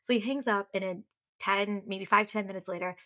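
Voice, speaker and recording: Young woman, podcast co-host, mid-pitched, animated storyteller who squeals quoted lines. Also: fairly quick. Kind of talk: casual chat.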